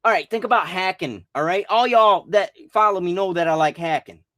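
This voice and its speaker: A man's voice: high-pitched, brisk, pushed and bright, no room sound, studio quality. A man delivering a rambling, agitated rant full of profanity and restarts. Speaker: vlogger.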